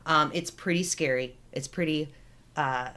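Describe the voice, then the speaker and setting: Low-voiced woman retelling a film plot. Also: measured pace. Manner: animated storyteller, laughs often. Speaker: podcast co-host.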